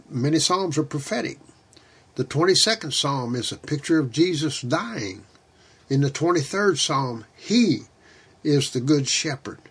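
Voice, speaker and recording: A man preaching a sermon, reading scripture slowly and deliberately. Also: fairly high pitch, husky.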